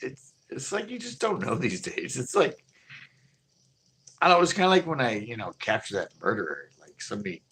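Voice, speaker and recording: A man's voice: medium pitch, sing-song, brisk, bright, forceful tone. A man who runs a local store, telling a casual live story in a rambling, profane way with many restarts. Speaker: local fish store owner.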